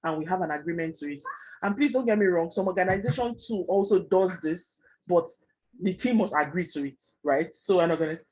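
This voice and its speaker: A man teaching a Scrum class online, explaining fast and chatty with many fillers. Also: high-pitched, a little mellow, poor audio. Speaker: Scrum trainer.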